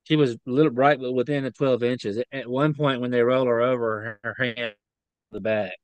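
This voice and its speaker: Male interview guest, mid-pitched smooth voice, earnest halting testimony. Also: steady tone, no room sound. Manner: earnest, halting, emotional retelling. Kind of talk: personal recollection in an interview.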